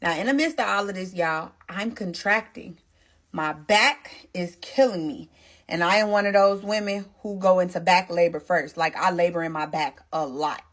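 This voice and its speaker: In a casual storytime monologue, a young adult woman recounts her own experience directly to her viewers. She's emotional and animated, with a voice on the low side at a normal speed.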